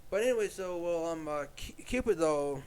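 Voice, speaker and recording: High-voiced man rambling chattily. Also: expressive, normal speed, a little mellow, smooth. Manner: rambling, chatty, many fillers and restarts. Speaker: YouTube creator. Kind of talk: casual storytelling monologue. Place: at home.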